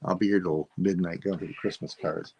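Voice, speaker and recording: A man selling items on a live stream, thinking aloud in a rambling, unhurried way as he describes each piece. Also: sits low, steady tone, darkish tone, slight background noise. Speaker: online seller. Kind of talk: live-stream sales chat.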